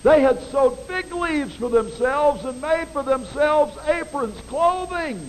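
High-voiced folksy male preacher. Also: slow, a little hiss or hum, poor audio. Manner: folksy, animated preaching with dramatic voice swings. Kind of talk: sermon.

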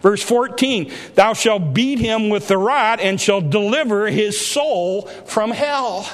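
Male pastor, high voice, emphatic rising sermon delivery, recorded in a reverberant church. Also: slow pace. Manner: emphatic preaching with rising exhortations. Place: church sanctuary. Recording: hall reverb.

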